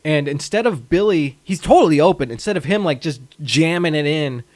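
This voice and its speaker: A man's voice: on the high side, expressive, a little fast, no echo. A man co-hosting a casual movie podcast, laughing often and quoting characters as he recaps scenes. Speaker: podcast co-host.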